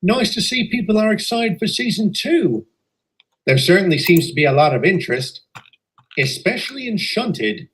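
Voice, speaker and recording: A man voicing a sensible male train engine, chatting in a measured, conversational way. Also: high-pitched, sing-song, fairly bright tone, low-quality recording. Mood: calm.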